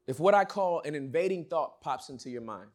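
Animated preacher with wide swings. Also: male voice, on the high side, a little fast. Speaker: pastor. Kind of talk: sermon.

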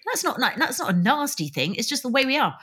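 A middle-aged British woman co-hosts a casual podcast chat with a bright, animated voice that carries a slight huskiness. She talks chattily, laughs often and slips into mimicry of overly polite Brits. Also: high voice, fast, breathy edge. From Britain. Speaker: podcast co-host.

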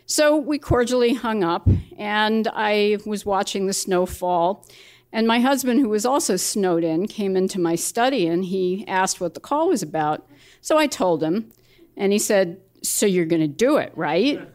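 A woman's voice: mid-range voice, lively intonation, a little slow, darkish tone. Woman telling a true story on stage. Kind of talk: live personal storytelling. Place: small live venue.

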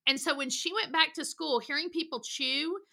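Her voice is high and creaky, at normal speed. Interviewed on a podcast, this middle-aged woman counselor tells stories energetically and animatedly, doing little acted voices along the way.

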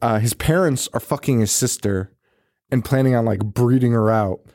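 A man's voice: mid-range voice, moderate pace, darkish tone, dry recording. Man, podcast co-host, casual movie recap, swears a lot, laughs often, acts out lines, dry close sound.

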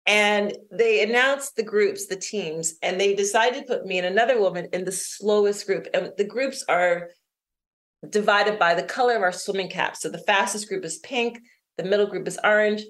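Brief: middle-aged woman, interview guest, animated storyteller with easy laughs, mid-range voice. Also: mid-range voice, moderate pace. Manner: lively storyteller who laughs often. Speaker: interview guest, author and creativity strategist. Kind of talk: storytelling in conversation.

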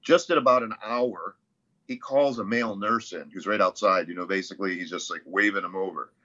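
Low-voiced man telling a story, lo-fi. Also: a little fast, bright, forceful tone. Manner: rambling, many fillers and restarts. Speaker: interview guest, CrossFit athlete. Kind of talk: casual storytelling. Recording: muffled lo-fi audio.

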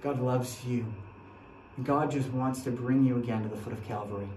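A man's voice: medium pitch, fairly even intonation, normal speed, slight background noise. Earnest male preacher in an echoey church. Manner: earnest, repeats phrases, swings from hushed to rousing. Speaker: pastor. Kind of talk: sermon. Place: church sanctuary. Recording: echoey church from a distant mic.

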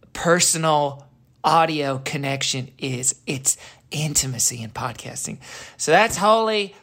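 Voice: medium pitch, a bit bright. A performer putting on a famous singer's persona to announce a podcast outro, brash and rambling, swearing freely. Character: an over-the-top impression of a famous Christian pop singer. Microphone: home studio mic made to sound like a phone memo.

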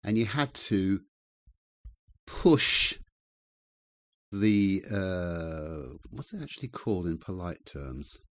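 Male co-host, low voice, dry close sound, self-deprecating anecdotes. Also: animated, takes it slowly, long pauses, no room sound. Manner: rambling, self-deprecating storytelling. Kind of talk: casual chat.

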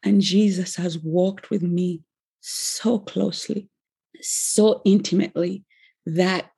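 A woman in her forties giving an earnest, emotional personal faith testimony, with pauses and restarts. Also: fairly low pitch, steady tone, creaky, mellow, breathy edge. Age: 40s.

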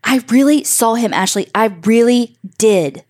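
A woman's voice: on the high side, measured pace, darkish tone, voice pushed up, close to an everyday voice. A woman voicing a timid, frightened young girl who is the younger sister in a spooky campfire-style story. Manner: pleading, frightened.

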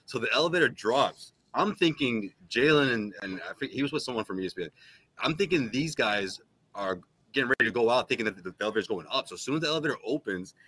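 A man co-hosting a sports talk show, telling an anecdote as a casual, animated storyteller who laughs while he talks. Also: medium pitch, quick pace, poor audio. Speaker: podcast co-host, sports media member.

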